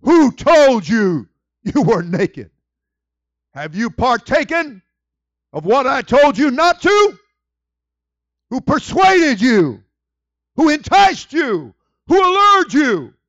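A man preaching, putting on the voice of God, who asks slow, thundering questions. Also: medium pitch, dark tone, no echo, muffled recording, natural voice. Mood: accusing. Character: God, stern booming male deity.

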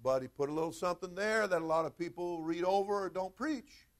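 High-voiced preacher man, fervent sermon. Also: a little fast. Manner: fervent, conversational preaching with repeated asides to the congregation. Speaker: pastor.

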